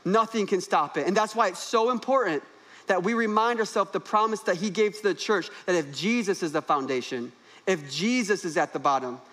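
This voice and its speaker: A young man, the new pastor, preaching a sermon on a church stage in an animated, joking way with rising emphasis. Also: sits high, brisk.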